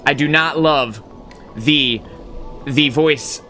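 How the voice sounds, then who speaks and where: Streamer dude rambling to chat, lots of uh and like, bright punchy voice, kinda sweary. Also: male voice, fairly high pitch, slow, soft background music. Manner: rambling and filler-heavy, with frequent "uh" and "like"; blunt and profane, reading and answering chat. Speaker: live-stream gaming host. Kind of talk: casual live-stream chat.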